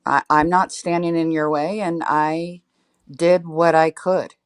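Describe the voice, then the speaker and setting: Defensive woman smoothing over an argument. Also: low voice, steady tone, measured pace. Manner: defensive, conciliatory. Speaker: panel guest. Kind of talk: heated panel chat.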